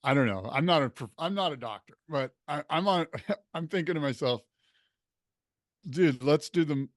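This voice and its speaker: A man's voice: a little high, lively intonation, brisk, a bit bright, no echo, clean studio sound. A man co-hosting a podcast in casual chat, telling stories with laughs mid-sentence. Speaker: podcast co-host.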